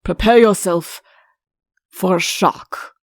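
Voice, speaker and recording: A woman's voice: lowish voice, takes it slowly, dry recording, studio quality. A woman voicing a bellowing, indignant old king. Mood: grave. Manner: loud, commanding, indignant. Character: angry pompous male king, bellowing. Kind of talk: audiobook character voice.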